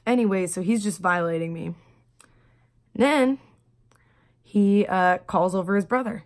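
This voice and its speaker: A woman telling her story in a personal video diary, speaking quietly and haltingly, with many pauses and fillers. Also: medium pitch. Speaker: vlogger.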